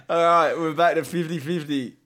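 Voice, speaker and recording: A man's voice: a little high, unhurried, fairly bright tone. A young man co-hosting a podcast, running a quiz with casual banter and laughing often as he teases. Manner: laughs often while teasing.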